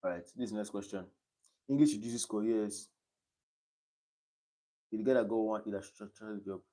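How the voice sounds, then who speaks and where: Teen Nigerian guy, low mellow voice, livestream study session, thinks aloud. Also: steady tone, normal speed. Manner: thinks aloud, reading quiz options aloud and chatting between them. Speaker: exam candidate streaming his study session. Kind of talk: casual livestream tutoring.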